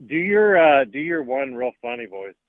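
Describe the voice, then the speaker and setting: A man co-hosting a podcast in casual chat, teasing and needling his partner in a deadpan way. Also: medium pitch, moderate pace, narrow, tinny audio, slight background noise. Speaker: podcast co-host.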